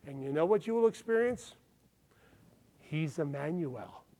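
A man's voice: on the high side, lively intonation, unhurried, mellow. A man pastor preaching a sermon in an earnest manner, often checking in with his listeners. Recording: long hall reverb.

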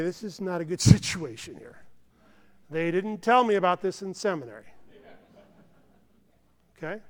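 A man's voice: high-pitched, a bit bright, clear, resonant tone. A man preaching a sermon as pastor, earnest and emphatic, often tossing in "okay" asides. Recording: long hall reverb.

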